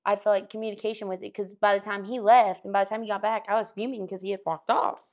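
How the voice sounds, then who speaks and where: A woman's voice: mid-range voice, flat delivery, fast, a little mellow, lo-fi sound. A young woman in casual podcast chat, chatty, laughing often, trailing off and restarting. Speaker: podcast co-host, engaged to a host.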